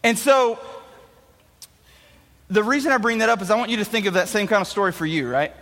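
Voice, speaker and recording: A young man giving a youth talk, spinning an animated, jokey story to an audience in a large hall. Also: high voice, a little fast. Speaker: youth speaker. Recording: echoey hall reverb.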